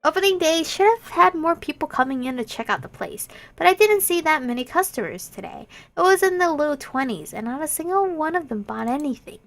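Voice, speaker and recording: A young woman hosting a let's-play, reading a visual novel aloud with expressive, giggly reactions. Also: high-pitched, a little fast, few pauses.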